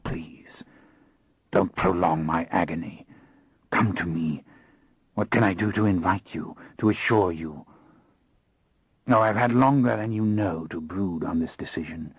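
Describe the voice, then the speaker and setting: A man reading the part of a cultured older Englishman who speaks softly, sounding low and strained. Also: slightly rough, no room sound, full character voice.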